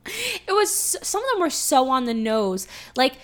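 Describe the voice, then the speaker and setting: High-voiced woman chatting animatedly. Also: normal speed. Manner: animated, swears, acts out movie lines. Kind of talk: casual chat, film recap.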